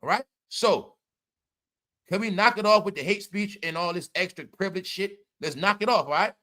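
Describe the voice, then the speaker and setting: High, bright-voiced man ranting on a livestream. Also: moderate pace. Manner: loud, laughing, profane, repeats "all right?". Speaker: commentary livestream host. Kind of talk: casual livestream commentary.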